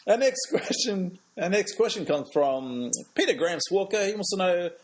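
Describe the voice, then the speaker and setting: A man's voice: high-pitched, big pitch swings, normal speed, background noise. A man hosting a podcast, reading listener questions and teasing his co-hosts with a giggly manner. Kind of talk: casual chat.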